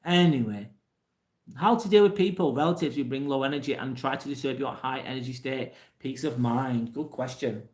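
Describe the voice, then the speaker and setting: An English man talks casually and bluntly through a live stream, reading out viewers' messages and giving straight answers. His voice sits at an ordinary middle pitch. The room around him is echoey. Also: normal speed, a little mellow. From England. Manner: blunt, plain-spoken, swears casually. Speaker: livestream host reading chat.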